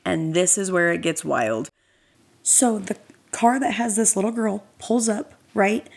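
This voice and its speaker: A woman's voice: mid-range voice, unhurried, vocal fry. Sarcastic woman ranting on a podcast. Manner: animated, sarcastic, many fillers. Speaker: podcast host. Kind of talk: casual storytelling rant.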